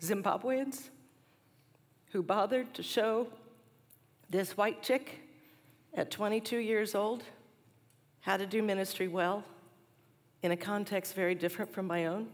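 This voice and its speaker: Woman in her forties, chapel speaker with lively storytelling; long reverb from a big hall. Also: mid-range voice, a little slow, long pauses. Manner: animated storyteller, laughs at herself.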